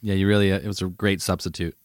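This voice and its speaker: A man's voice: low voice, steady tone, very fast, dry recording. Easygoing Canadian man, dry sound. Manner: easygoing, laughs often. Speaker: podcast co-host. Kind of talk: casual chat.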